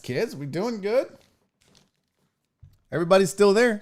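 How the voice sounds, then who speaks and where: A man with a high voice hosts his own podcast. His pitch swings all over as he rambles through trivia, cracking jokes and tossing in curse words. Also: very animated, moderate pace, long pauses. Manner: rambling, jokey and profane. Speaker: podcast host. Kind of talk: casual live podcast chat.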